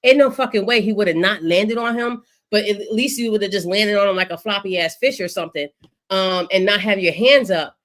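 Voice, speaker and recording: A woman co-hosting a sports podcast in casual chat, animated and profane, acting out what players said. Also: medium pitch, a little fast. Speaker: podcast co-host.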